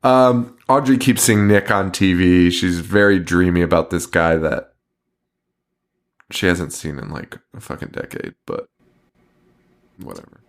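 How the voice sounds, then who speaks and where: A man's voice: low-pitched, animated, a little slow, pauses often. Ranting, laughing male podcast host. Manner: swears a lot, laughs often, ranting. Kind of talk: casual chat.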